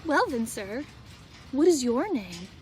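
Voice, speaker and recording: A woman voicing a small, shy male porcupine in a storybook read-aloud, speaking softly and politely. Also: sits high, very animated, slow, a little hiss or hum, voice pushed down, exaggerated voice. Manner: soft and polite.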